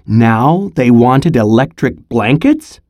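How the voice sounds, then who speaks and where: A teacher reading a picture book aloud in a slow, expressive storytelling manner, pausing for comprehension questions. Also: medium pitch, no echo.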